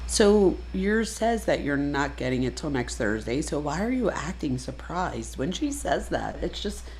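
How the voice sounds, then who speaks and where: A woman commentating on a true crime case, emphatic and exasperated, with loud bursts. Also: sits low, very animated, a little slow, a little hiss or hum, low-quality recording. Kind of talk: reaction commentary.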